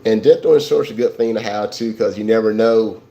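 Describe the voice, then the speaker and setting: A man's voice: on the low side, quick pace, dark tone, highs cut off. A man hosting a casual livestream, talking about insurance in a rambling way, repeating himself and restarting his sentences. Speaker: livestream host. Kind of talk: casual livestream talk to viewers.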